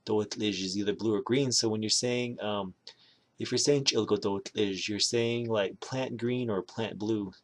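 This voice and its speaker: A man giving a casual language lesson, repeating each word slowly. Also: on the low side, steady tone. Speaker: language teacher.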